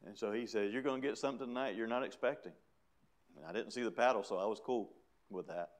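A man's voice: fairly low pitch, fast. A middle-aged man preaching, telling his own story in a chatty way with laughs. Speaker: preacher giving testimony. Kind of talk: sermon testimony.

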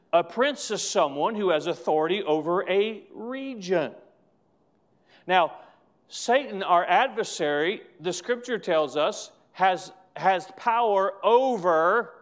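High-voiced man preaching emphatically. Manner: emphatic, repetitive preaching with slow stressed phrases. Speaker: pastor. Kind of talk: sermon.

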